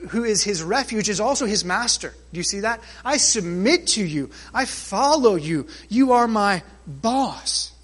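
A pastor with a high voice preaches a sermon emphatically, stretching out and swelling key phrases before dropping into quiet asides.

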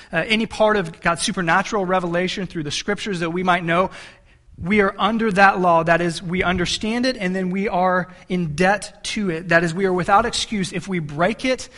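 A man's high, fairly bright voice carries a sermon shaped like a conversational story. The pastor repeatedly restarts, doubles up on words, and breaks off to address the congregation.

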